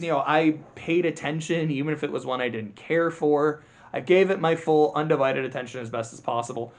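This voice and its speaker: Young man, slightly high voice, casual movie review, rambling, sarcastic asides. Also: darkish tone. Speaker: video essay host.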